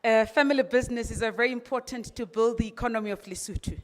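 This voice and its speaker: A woman's voice: fairly high pitch, fairly even intonation, fast. A woman with an English accent gives an off-the-cuff speech at an event, full of rhetorical questions and emphatic repetition. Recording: long reverb of an event hall.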